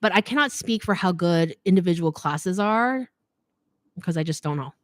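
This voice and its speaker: A woman in her thirties hosting a live Q&A stream, a chatty, animated storyteller who keeps adding "okay?". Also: lowish voice, moderate pace, no room sound. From United States. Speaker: host of a fashion design channel. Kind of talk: live Q&A stream, casual chat.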